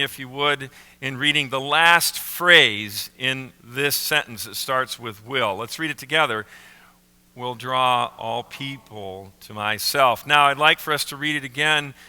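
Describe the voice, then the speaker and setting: A male pastor preaching from the front of a church, his tone bright and sharp and his voice smooth and clear. He slows to stress key words and phrases. The sound carries a long reverb from the sanctuary around him. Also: fairly high pitch. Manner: slow emphatic phrasing with pauses on key words. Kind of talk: sermon.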